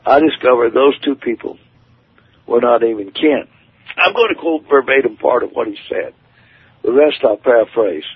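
A man's voice: medium pitch, moderate pace, breathy edge, no room sound. A man preaching his testimony in an earnest, emphatic storytelling manner. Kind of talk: testimony sermon. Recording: tinny phone-like radio broadcast.

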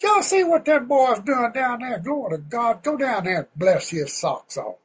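Folksy on high, exclaiming and delighted, put on by a man. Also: sing-song, normal speed, slight background noise. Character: booming delighted God on high.

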